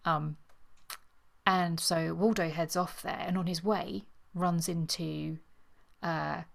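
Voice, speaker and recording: A woman hosting a book podcast, talking casually and relaxed with fillers. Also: lowish voice, slow, gravelly. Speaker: podcast host.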